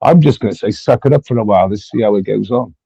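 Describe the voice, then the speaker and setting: British guy ranting on a panel stream, trips over his words, swears, dark mellow tone, dry dull sound. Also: on the low side, fast, vocal fry, slightly rough, no echo. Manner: stammering, repeats words, swears. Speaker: panel host. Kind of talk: heated casual debate.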